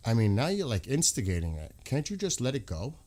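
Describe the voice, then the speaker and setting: A man's voice: medium pitch, big pitch swings, fairly quick, a little mellow. An American man hosting a livestream, talking in a heated, repetitive way and swearing often. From United States. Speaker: livestream host. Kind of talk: casual livestream talk.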